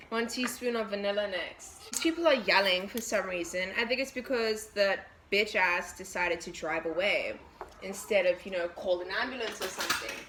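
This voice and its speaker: A woman's voice: mid-range voice, lively intonation, moderate pace, fairly bright tone. Chatty young woman baking, noisy recording. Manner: chatty, swears, jumps between recipe and story. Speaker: vlogger baking and telling a story. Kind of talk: casual story-time chat.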